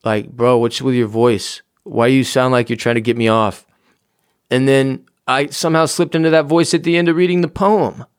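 A man's voice: mid-range voice, fairly even intonation, normal speed, clean tone, dry recording, clean studio sound. A man hosting his own podcast alone, rambling casually and jokingly with plenty of swearing from his home office. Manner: rambling, profane, jokey. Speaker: podcast host. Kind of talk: casual solo podcast outro.

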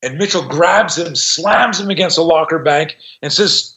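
A man's voice: on the high side, normal speed, few pauses. A man in his sixties, a self-defense instructor, telling a story in a conversation. He swears freely and acts out the voices of the people in his story. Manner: profane, animated, acts out voices in his stories. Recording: dull lo-fi sound.

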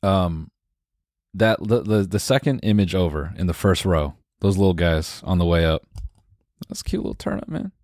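Deep-voiced young guy needling his cohost. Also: very animated, moderate pace, a little mellow, dry recording, studio quality. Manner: goading, stammering restarts. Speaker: podcast co-host. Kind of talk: casual comedic banter.

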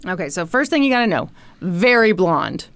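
A woman co-hosting a podcast, telling a story with playful teasing and dramatic pauses. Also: fairly low pitch, big pitch swings, fairly bright tone, dry recording. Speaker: podcast co-host. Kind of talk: comedic storytelling.

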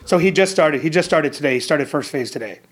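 A man's voice: fairly high pitch, expressive, fast talker. A man in his fifties from the United States, a former Navy SEAL officer, telling his story in an earnest, reflective way with frequent restarts. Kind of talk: casual conversational storytelling.

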